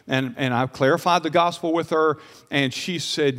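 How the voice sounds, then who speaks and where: High-voiced preacher with lilt, echoing hall. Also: male voice, steady tone, moderate pace. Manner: swings from loud preaching to quiet storytelling. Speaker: pastor. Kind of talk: sermon. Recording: long reverb of a large hall.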